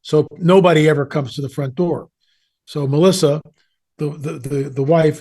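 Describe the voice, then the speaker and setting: A man's voice: fairly high pitch, fairly even intonation, brisk, dark tone, slightly rough. An older man, a guest on an interview show, telling stories in a conversational way, rambling a little as he goes. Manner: conversational, with rambling asides and restarts. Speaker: guest, author on the supernatural. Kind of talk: casual storytelling interview.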